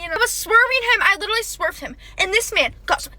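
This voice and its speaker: A young woman telling a first-date story, animated and dramatic, often breaking into laughs. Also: very high-pitched, quick pace, few pauses. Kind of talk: casual storytime.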